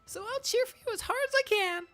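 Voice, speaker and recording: A man doing a squeaky, eager little girl. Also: fast, sharp tone, faint music behind. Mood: adoring. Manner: squeaky high put-on voice.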